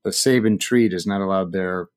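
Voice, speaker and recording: Fairly low-voiced man hosting sports talk. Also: moderate pace. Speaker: host. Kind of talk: casual sports chat.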